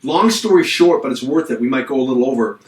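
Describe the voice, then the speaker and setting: A man's voice: medium pitch, fast talker, roomy sound, distant mic, rough recording. A middle-aged man co-hosting a podcast, telling a long personal story in casual chat and acting out the voices in it. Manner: animated storyteller acting out quotes. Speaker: podcast co-host.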